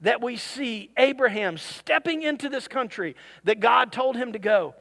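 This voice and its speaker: A pastor preaching a sermon to his congregation, with animated delivery and jokey asides to the crowd. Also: very high-pitched, moderate pace, creaky. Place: church service.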